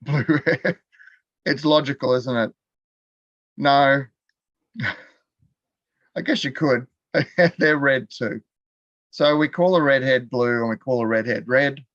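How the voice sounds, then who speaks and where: A man's voice: medium pitch, takes it slowly, pauses often, a bit bright, no room sound, muffled recording. An Australian man teaching a live online class from his computer. He talks in a chatty way, laughs often and quizzes the viewers in the chat. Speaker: continuing education teacher.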